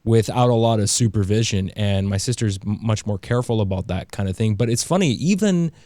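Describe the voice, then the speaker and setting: A man co-hosting a casual podcast discussion who talks in a thoughtful, halting way and often restarts his words. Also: fairly low pitch, expressive, mellow, dry recording. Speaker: podcast co-host.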